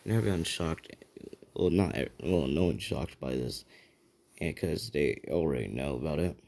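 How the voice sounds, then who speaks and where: A man's voice: extremely low pitch, normal speed, creaky, darkish tone. A man casually telling a fan-fiction story, rambling and checking in with the listener.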